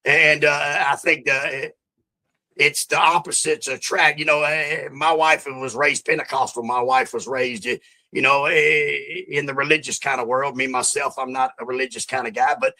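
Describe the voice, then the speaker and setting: A man's voice: a little high, steady tone, normal speed, sharp tone, low-quality recording. A middle-aged man with a Southern US accent, a guest in a casual podcast interview, talking in a rambling, profane way with many restarts.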